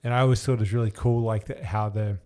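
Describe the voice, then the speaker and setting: A man's voice: on the low side, steady tone, quick pace, darkish tone. A man hosting a casual interview, easygoing and encouraging, with short agreeing replies.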